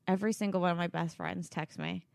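A woman's voice: lowish voice, fairly even intonation, gravelly, no echo, clean studio sound. A woman with a New Jersey accent co-hosting a podcast, speaking candidly and from the heart in casual chat. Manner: heartfelt, candid, quick bursts of speech. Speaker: podcast co-host.

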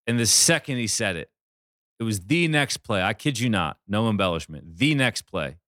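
Bright-voiced man chatting sports bets. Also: lowish voice, animated, moderate pace, no echo, studio quality. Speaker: sports betting podcast host. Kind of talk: casual sports chat.

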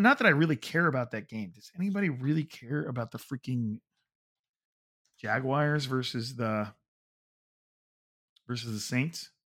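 A man's voice: mid-range voice, bright, forceful tone. A man hosting a sports podcast on his own, rambling casually with lots of filler words. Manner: rambling, heavy on fillers like "like" and "you know".

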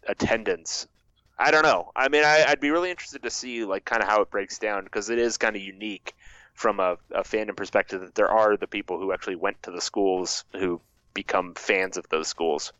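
A man's voice: fairly low pitch, fairly bright tone, no room sound. A man in a mid-range voice co-hosting a sports podcast, hedging and stumbling through his points. His audio is dull and a bit lo-fi, with a dry sound. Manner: halting, hedging, many fillers. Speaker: podcast co-host. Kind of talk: casual sports podcast chat.

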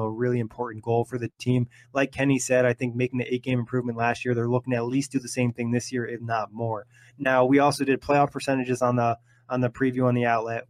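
A young man hosting a casual sports podcast, eager and quick to laugh. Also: medium pitch, dry recording. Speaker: podcast host.

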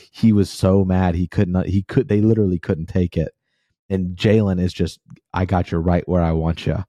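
Brief: male podcast co-host, very low dark voice, hyped and loose, dry close mic. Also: no echo. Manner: fired up, casual slang, many fillers. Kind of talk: animated sports podcast chat.

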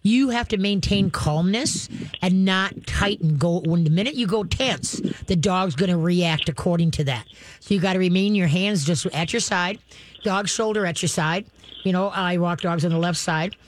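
A woman dog trainer hosting a call-in radio show, explaining leash training and acting out calm, soft commands to the dog. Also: fairly low pitch, normal speed, slight background noise.

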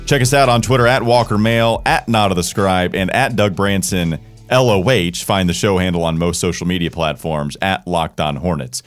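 A man's voice: sits low, normal speed, hardly any pauses, soft background music. A man hosting a sports podcast, rattling off stats with sarcastic asides. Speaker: podcast host.

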